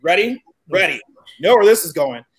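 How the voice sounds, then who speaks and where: A man in his forties from Chicago, a guest telling a story in casual, animated chat, cursing freely and acting out what people said. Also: sits high, moderate pace, husky. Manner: animated, profane, acts out quoted dialogue.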